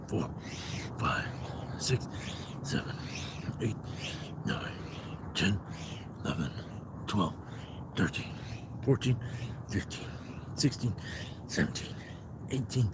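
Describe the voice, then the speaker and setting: A man's voice: fairly low pitch, noisy background. A man hosting a casual livestream. He jokes, greets viewers by name, reads out chat comments and counts his push-ups aloud. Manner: joking, talks to viewers by name. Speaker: livestream host.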